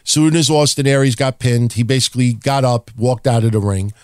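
A man's voice: medium pitch, steady tone, no room sound, studio quality. A middle-aged man hosting a wrestling podcast, talking bluntly and swearing freely in casual chat. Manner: blunt, profane, rapid-fire wrestling talk. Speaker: podcast host.

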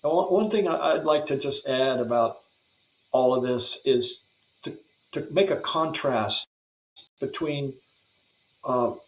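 A man speaks as a podcast guest, giving an earnest devotional teaching in a somewhat high voice. His delivery flows along, with frequent small restarts and repeated words. The recording has a noticeable roomy echo. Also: fairly bright tone. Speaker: guest Bible translator.

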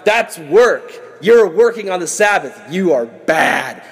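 A man's voice: high voice, lively intonation, slow pace, husky, exaggerated voice. A man playing nitpicking, judgmental religious rule-keepers, in a scolding, self-righteous voice. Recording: long hall reverb.

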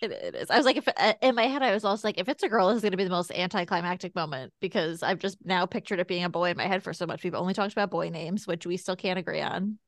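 A woman's voice: fairly low pitch, fast talker, hardly any pauses, no room sound, studio quality. A woman in her thirties, co-hosting a podcast, telling a personal story in a chatty way full of "like". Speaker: podcast co-host. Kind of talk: casual chat.

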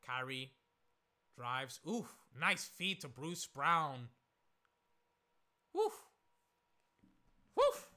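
A hoarse young man giving casual, rambling live commentary on a basketball game, full of fillers and swearing. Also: medium pitch, sharp tone.

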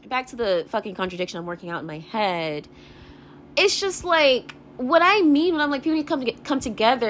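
A woman's voice: high-pitched, a bit bright. A young woman delivering a vlog rant, profane and frustrated, with a constant stream of "like" fillers. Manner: rapid, profane, filler-heavy ranting with constant "like". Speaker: vlogger. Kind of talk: ranting vlog monologue.

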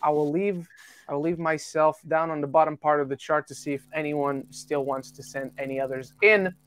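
A man from the UK hosting a casual podcast, reading out listener rankings with quick jokey asides. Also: on the high side, steady tone, clean tone. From United Kingdom. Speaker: podcast host.

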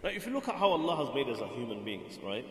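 A man's voice: mid-range voice, very animated, fast talker, fairly bright tone, echoey room, in a large hall. A man giving a sermon, earnest and explanatory, repeating phrases for emphasis. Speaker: Islamic preacher.

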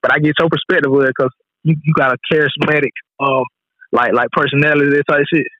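Fast-talking, blunt male podcast guest. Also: a little high, fairly even intonation, no room sound, lo-fi sound. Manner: blunt, teasing, fast slang. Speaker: podcast guest, rapper and filmmaker. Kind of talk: casual podcast chat.

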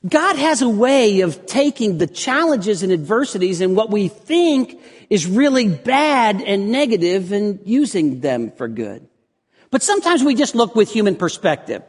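A middle-aged man preaching a sermon as pastor, telling stories with lively animation and dropping to a hushed voice for prayer. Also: unhurried, slightly rough. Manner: animated storytelling, voice drops low and quiet for prayer. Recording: long reverb in a large hall.

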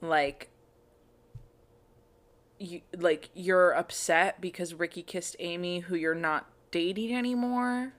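Low-voiced woman recapping a show. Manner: plot-summarizing, acting out characters' lines in quick quotes. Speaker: podcast co-host. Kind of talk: casual chat recapping a TV show.

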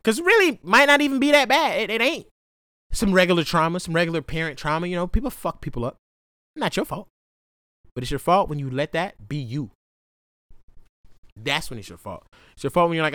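A man's voice: fairly high pitch, big pitch swings, brisk, long pauses, a bit bright, no echo, clean studio sound. A young man in a casual, profane, slang-heavy monologue, rambling as he gives blunt advice. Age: young adult. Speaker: vlogger.

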